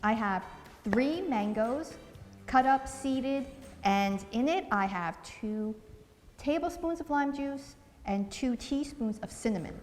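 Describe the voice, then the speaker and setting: A woman's voice: a little high, expressive, slow, a little mellow, in a large hall, faint music behind. A woman from New Jersey, chatty and upbeat, talking through a recipe in a casual cooking vlog. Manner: chatty and upbeat, laughs easily.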